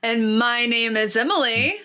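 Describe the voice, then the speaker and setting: A woman's voice: a little high, measured pace, pushed and bright, clean tone. A woman with a nasal voice co-hosting a podcast in casual, chatty, self-deprecating talk. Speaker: podcast co-host.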